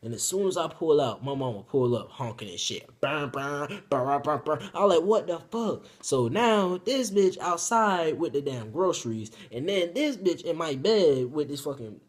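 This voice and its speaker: A young man telling a crude personal story in a casual story-time vlog, rambling and profane with loud outbursts. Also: a little high, very animated, normal speed, few pauses, slightly rough.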